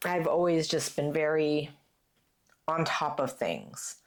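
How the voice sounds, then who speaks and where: A woman's voice: deep voice, expressive, slow pace. A woman hosting a casual crafting chat, talking in a chatty way with lots of fillers. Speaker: channel host.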